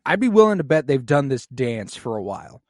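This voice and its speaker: A male podcast host in casual chat, talking over scenes loosely and with plenty of swearing. His voice sits at a middling pitch. The sound is close and dry. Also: a little fast, no echo. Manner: profane, animated retelling.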